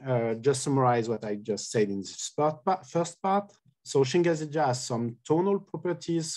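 A man's voice: mid-range voice, darkish tone. A man giving an academic colloquium talk on linguistics, explaining step by step with many hesitations and self-corrections. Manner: hesitant, many filler sounds. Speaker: linguistics lecturer.

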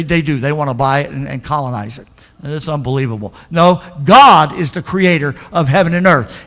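A man's voice: high-pitched, a bit bright. A man pastor preaching a folksy, emphatic sermon with lots of repetition.

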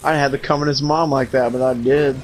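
A man's voice: mid-range voice, steady tone, fairly quick. A man in casual gaming chat with friends, bantering in a crude, teasing way. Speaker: gamer.

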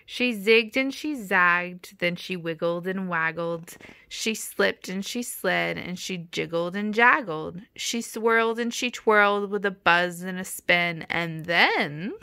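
Woman reading a rhyming picture book, slow, gravelly, bright, dry close sound. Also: lowish voice, no room sound. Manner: rhythmic rhyming storytelling. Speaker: storybook reader. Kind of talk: children's read-aloud narration.

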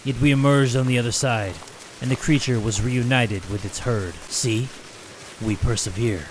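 An actor playing a creepy, cryptic male passenger in a horror game, speaking in a slow, solemn, ominous way. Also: medium pitch, background noise, natural voice.

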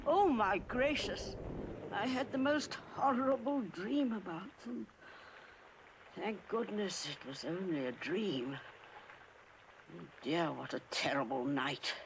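A woman's voice: mid-range voice, takes it slowly, dull audio, noisy background. A woman voicing a kindly, fretful elderly lady who worries over her cats in a fussy way. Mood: tender.

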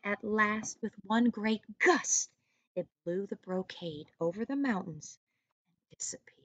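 A woman teacher reading a storybook aloud to young children, pausing to ask them questions in soft, hushed asides. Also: mid-range voice, expressive, dry recording, muffled recording.

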